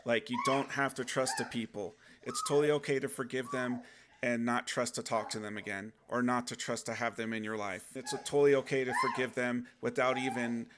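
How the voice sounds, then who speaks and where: A man's voice: mid-range voice, level tone, fairly quick, heavy background noise. A man giving an earnest, rambling talk about faith, often restarting his sentences.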